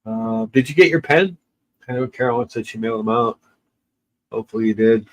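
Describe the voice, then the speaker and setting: A man who is crying as he chats casually with livestream viewers, halting and tearful, with many pauses and restarts. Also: medium pitch, rough recording. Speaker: livestream host.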